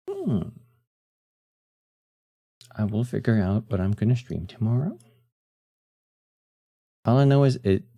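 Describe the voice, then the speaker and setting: A man streaming casually, relaxed and chatty, who laughs often, trails off into fillers and answers his chat. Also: lowish voice, creaky. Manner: reads chat messages aloud and answers them.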